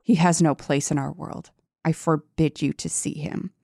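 A low, whispery male stalker looms from the shadows, hushed and menacing, as a woman reads him aloud. The voice drops under its usual pitch, and the sound is close and dry. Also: steady tone, normal speed, vocal fry, dry recording.

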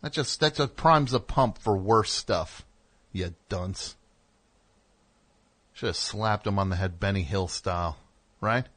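Forceful low-voiced radio host. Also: male voice, normal speed. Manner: rambling, self-correcting, wry asides. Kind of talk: casual storytelling. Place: radio studio.

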